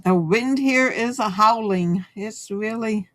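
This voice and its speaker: Unhurried middle-aged woman co-host, chatty and rambling. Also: mid-range voice. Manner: chatty, rambling, laughs often. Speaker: radio show co-host. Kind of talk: casual chat.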